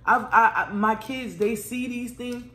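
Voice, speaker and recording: A middle-aged woman, the host's mother, talks candidly and bluntly about motherhood with her daughter over a meal at home, swearing freely. Her voice is on the high side, a bit bright and unhurried, with roomy echo and faint background noise in the recording.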